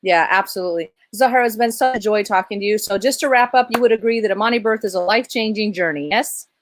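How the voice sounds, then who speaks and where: A woman's voice: mid-range voice, quick pace, noisy background. A woman hosting an online interview, effusive and emotional. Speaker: host. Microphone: video call.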